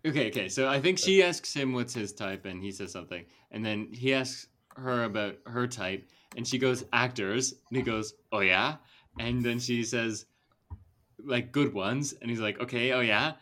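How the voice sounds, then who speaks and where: A man's voice: medium pitch, moderate pace, a bit bright. A young man hosting a casual movie podcast, chatty and rambling, with lots of fillers and laughter. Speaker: podcast host. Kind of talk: casual chat.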